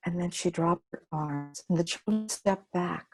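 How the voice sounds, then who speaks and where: A woman's voice: on the low side, measured pace, hardly any pauses, a little mellow. A woman storyteller, narrating a folk story expressively.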